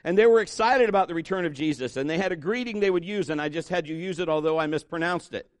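Chatty male pastor, slightly high voice. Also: quick pace, no echo, studio quality. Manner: conversational, joking, with asides to the congregation. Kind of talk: sermon.

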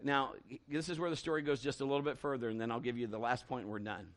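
A middle-aged man preaching a sermon as a pastor, telling a folksy story in an animated way with lots of restarts and acted-out quotes. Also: medium pitch, fast talker.

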